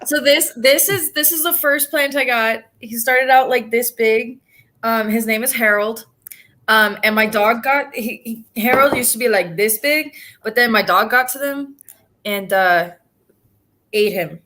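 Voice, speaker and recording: A woman's voice: fairly high pitch, measured pace, pushed and bright. A young woman, a cast member in a musical, chatting easily in an interview and laughing as she talks. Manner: laughing, easygoing, rambling. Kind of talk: casual interview chat.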